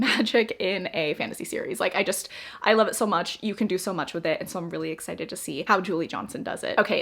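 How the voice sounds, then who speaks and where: A woman chats to her viewers in an easygoing book vlog, recommending novels with open enthusiasm. Her voice sits at an ordinary middle pitch for a woman, and her talk stays friendly and animated. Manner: enthusiastic, chatty. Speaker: book reviewer.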